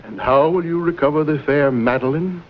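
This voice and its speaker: An actor playing a scheming villain who speaks with smooth, mocking courtesy. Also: male voice, fairly high pitch, moderate pace, natural voice. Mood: menacing. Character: suave scheming male villain in silken gloves. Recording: dull old TV audio with faint hiss.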